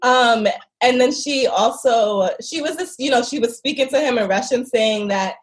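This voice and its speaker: Brief: expressive woman guest recounting travel mishaps, slightly high pitch. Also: normal speed. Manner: animated, expressive, laughs often. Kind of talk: casual interview storytelling.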